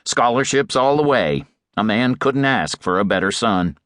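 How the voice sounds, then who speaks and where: A man voicing a big, earnest Midwestern father in his forties, speaking slowly with a Midwestern accent and quiet pride. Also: mid-range voice, animated, dry recording, clean studio sound, close to an everyday voice. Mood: earnest, proud. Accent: Midwestern American. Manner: earnest, slow, proud.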